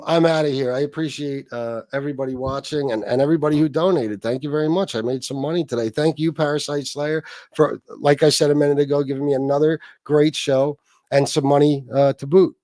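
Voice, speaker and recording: A man's voice: a little high, a little mellow, dry recording. A man hosting a livestream, ranting in a profane, sarcastic, mocking way. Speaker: livestream host.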